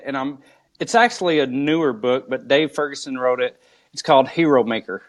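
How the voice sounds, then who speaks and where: A man who is a lead pastor, guest in a live video interview, telling church stories slowly and deliberately. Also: medium pitch, animated. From United States. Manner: slow, drawn-out storytelling.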